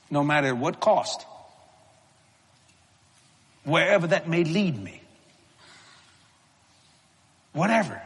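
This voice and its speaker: A man's voice: medium pitch, husky. Folksy man preaching in a reverberant hall. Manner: folksy, animated storytelling with chuckles. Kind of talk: storytelling sermon.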